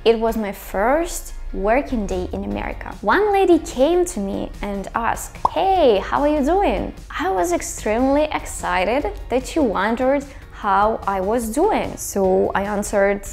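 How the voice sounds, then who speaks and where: A young woman whose first language is Ukrainian or Russian, explaining English in a clear video lesson. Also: fairly high pitch, lively intonation, a little slow, few pauses, a little mellow, faint music behind. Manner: clear, explanatory, with stressed example phrases. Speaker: English teacher.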